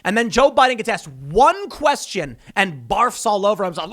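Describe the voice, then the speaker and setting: A man's voice: sits high, sing-song, normal speed, fairly bright tone. A man giving a heated solo political commentary, mocking and sarcastic as he talks.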